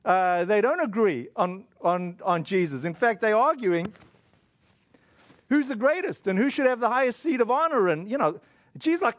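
A man, giving a casual, conversational sermon that retells a scripture story, with fillers and quick acted asides. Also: sits high, lively intonation, fairly bright tone, no room sound. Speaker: preacher.

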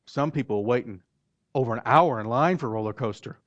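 A man with an Oklahoma accent preaching a storytelling sermon in a folksy, halting way, often repeating words as he goes. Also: medium pitch, a bit bright, no room sound. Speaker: pastor. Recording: dull lo-fi, dry.

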